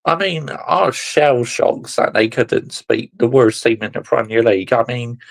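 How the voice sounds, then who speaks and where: Gravelly exasperated football vlogger. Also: male voice, mid-range voice, measured pace. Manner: exasperated, sarcastic, swears, keeps addressing "people". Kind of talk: ranting fan vlog.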